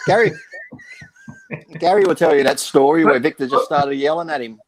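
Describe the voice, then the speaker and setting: Man, somewhat high voice, casual storyteller, rambling anecdotes. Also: huge pitch swings, normal speed, pauses often, a little hiss or hum. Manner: rambling anecdotes, acts out quotes. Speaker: podcast panelist.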